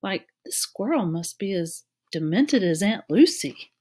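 A woman's voice: medium pitch, expressive, a little slow, darkish tone, husky. A woman voicing Jared, a nervous, curious young boy, in a storybook reading. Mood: wondering.

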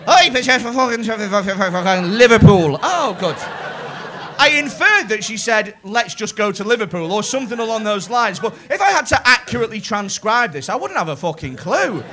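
A man's voice: high voice, big pitch swings, a little fast, few pauses, sharp tone, a little hiss or hum. A male stand-up comedian doing teasing, sweary crowd work from a comedy club stage on a handheld mic. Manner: teasing, sweary, riffing with the audience. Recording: live club with crowd laughter.

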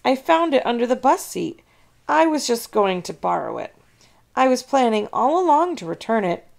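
A little storybook boy insists he did nothing wrong, his voice pitched high and defensive, as a woman acts him out. A bit of gravel sits under the voice. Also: sing-song, moderate pace, exaggerated voice. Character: young schoolboy caught out, making excuses.

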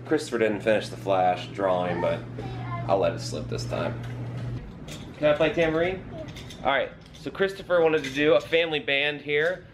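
A man's voice: mid-range voice, expressive, moderate pace, a little hiss or hum. A man in his thirties, a father talking casually to his vlog camera with joking, self-mocking asides. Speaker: vlogger and father. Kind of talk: casual family vlog narration. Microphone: handheld camera mic.

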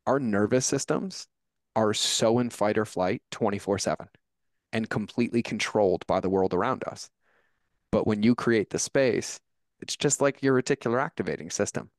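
Male podcast guest, low register, animated and emphatic delivery, dry close recording. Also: no room sound. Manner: animated storyteller, quick and emphatic. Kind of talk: casual conversation.

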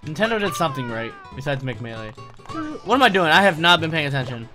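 A young man streaming a video game, reacting with excitable, profane commentary and talking back at the screen. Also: on the high side, quick pace. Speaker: gaming streamer. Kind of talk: casual live-stream gameplay commentary. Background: game music.

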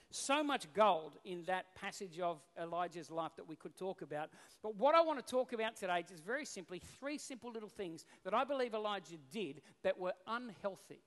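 A male pastor preaching a sermon, telling the story in an animated, casual way. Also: high-pitched, moderate pace, few pauses. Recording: long reverb in a hall.

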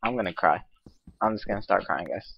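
A man's voice: sits low, wildly swooping pitch, a little fast, gravelly. A man casually commenting on his own gameplay, rambling and mocking himself as he goes. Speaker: let's play host. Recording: dull lo-fi mic with faint hiss.

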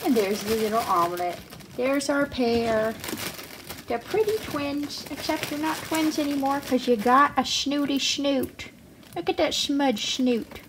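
A woman's voice: high-pitched, slow, background noise. A young woman vlogging with her pet rats, coaxing them in a sing-song, affectionate voice. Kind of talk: cooing baby talk to pets. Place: at home by a pet cage.

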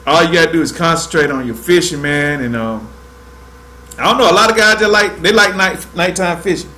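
A man's voice: on the high side, brisk, sharp tone. A man from Georgia, hosting a fishing livestream in laid-back casual chat, tacking "man" onto most lines. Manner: laid-back, drawling, says "man" constantly. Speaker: fishing show host.

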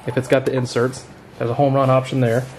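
A man hosting a casual vlog at home, relaxed and chatty, laughing often and calling people "man". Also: mid-range voice, quick pace, a little hiss or hum. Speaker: record store owner and vlog host. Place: home kitchen, indoors.

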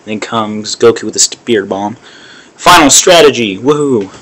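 A man's voice: fairly low pitch, lively intonation, a little slow, a bit bright, breathy edge. A man crudely commenting to himself, with plenty of swearing, while playing a mobile game. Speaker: gamer.

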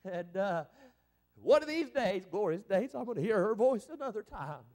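Middle-aged preacher, man, high voice, fervent revival delivery. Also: very animated, moderate pace, darkish tone. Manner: fervent preaching with rising exclamations. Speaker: evangelist preacher. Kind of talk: revival sermon.

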